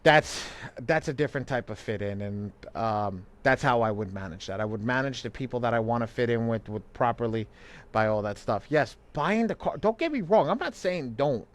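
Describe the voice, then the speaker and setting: A man's voice: mid-range voice, expressive, normal speed. A man co-hosting a live online money class, talking loosely with lots of restarts and easy laughter. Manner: loose and rambling, frequent restarts, laughs easily. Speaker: co-host and credit coach.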